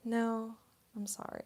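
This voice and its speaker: A woman's voice: a little high, darkish tone. A young woman voice actress chatting casually on a livestream Q&A, rambling and using lots of fillers. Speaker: voice actress and streamer.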